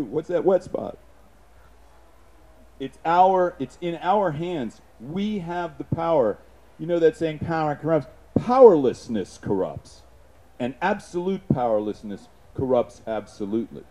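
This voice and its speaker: A man giving an impassioned, profane public speech, punctuated with shouted sound effects. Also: fairly high pitch, lo-fi sound.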